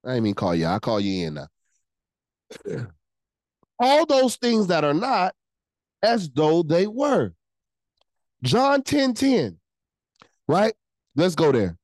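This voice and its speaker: A pastor preaching a livestreamed sermon, animated and repeating phrases for emphasis while calling out to the online chat. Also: mid-range voice, dry recording, low-quality recording.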